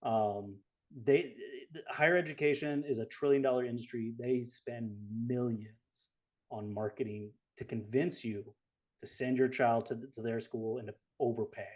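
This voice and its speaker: A man from Southern California co-hosting a webinar, explaining things through drawn-out analogies. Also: mid-range voice, fairly even intonation. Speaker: co-host. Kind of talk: webinar talk.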